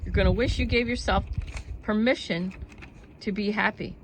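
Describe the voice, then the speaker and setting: A woman's voice: medium pitch, moderate pace, a little hiss or hum, low-quality recording. A woman musing casually to camera about happiness and freedom. She rambles in an earnest tone, with laughs between thoughts. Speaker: vlogger. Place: outdoors at home with animals.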